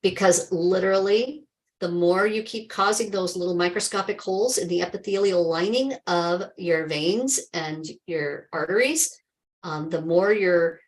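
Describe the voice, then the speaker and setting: A woman's voice: on the low side, rough recording. A woman hosting a live stream as a health coach, speaking in an emphatic, chatty way, calling viewers by name and peppering her advice with exclamations and remarks of faith.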